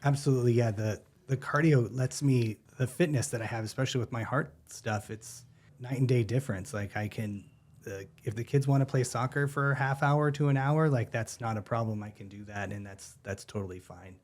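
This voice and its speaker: A man's voice: medium pitch, a little fast. Man in his thirties, easygoing podcast guest, mid-range voice, laughs a lot. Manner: relaxed, easygoing, laughs often. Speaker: gym member, podcast guest. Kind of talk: casual interview chat.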